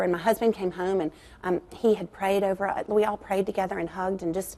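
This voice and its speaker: A woman's voice: medium pitch, steady tone, normal speed, warm tone. A woman, a guest author, talking candidly about faith and family in an earnest, confiding way with frequent fillers.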